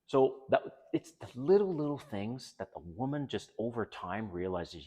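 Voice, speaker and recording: A middle-aged man hosting a channel, talking in a candid, animated casual monologue and acting out little exchanges. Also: mid-range voice, moderate pace, few pauses, breathy edge. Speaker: dating advice channel host.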